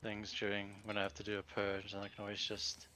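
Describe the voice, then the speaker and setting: Bright-voiced man explaining in halting bits. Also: fairly low pitch, completely flat delivery, a little hiss or hum. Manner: halting, filler-heavy explaining. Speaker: co-player. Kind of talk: casual gaming stream chat.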